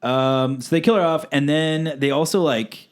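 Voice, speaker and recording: A man's voice: on the high side, normal speed. Rambling young man, filler-heavy chat. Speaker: podcast co-host. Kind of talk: casual chat.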